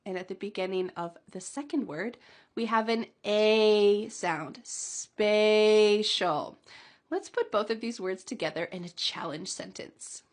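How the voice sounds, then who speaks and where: A woman teaching English pronunciation, enunciating each demonstration word slowly and clearly and laughing lightly now and then. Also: fairly high pitch. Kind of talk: pronunciation lesson.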